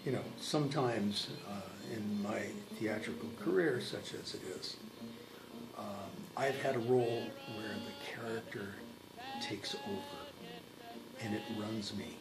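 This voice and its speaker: A man's voice: on the low side, unhurried, echoey room, music in the background, rough recording. A man, a stage actor, speaking thoughtfully about his role in an interview, with frequent hesitations. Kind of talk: promotional interview.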